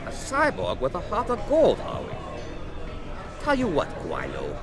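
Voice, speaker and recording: A man's voice: high-pitched, huge pitch swings, a little slow, a crowd in the background, exaggerated voice. An actor playing a smug, dismissive male loan shark who runs a bar, in video game dialogue. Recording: loud club music behind. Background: thumping club music.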